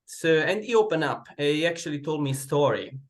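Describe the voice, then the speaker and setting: A man giving a prepared personal speech on a video call, telling his story slowly and earnestly with pauses. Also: on the high side, expressive. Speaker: club speaker joining online.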